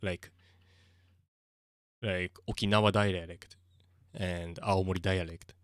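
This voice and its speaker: Low voiced japanese guy on a stream, halting english, keeps restarting, mixes in japanese, dry close mic. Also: level tone, clear, resonant tone, no room sound. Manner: hesitant, searching for English words, mixing in Japanese. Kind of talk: casual live-stream chat.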